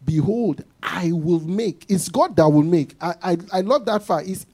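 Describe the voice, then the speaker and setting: Male preacher, sermon, animated delivery, slightly high voice, warm mellow tone. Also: normal speed, hardly any pauses, breathy edge. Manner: animated preaching, acting out quotes.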